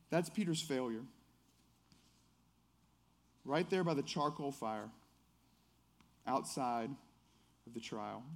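Man preaching with hushed, animated swings. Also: fairly high pitch. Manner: shifts between hushed prayer and animated storytelling; conversational, with fillers and acted quotes. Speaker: pastor. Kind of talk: sermon.

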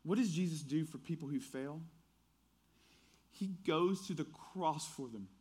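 Man preaching with hushed, animated swings. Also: fairly high pitch, measured pace, husky. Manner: shifts between hushed prayer and animated storytelling; conversational, with fillers and acted quotes. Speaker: pastor. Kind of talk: sermon.

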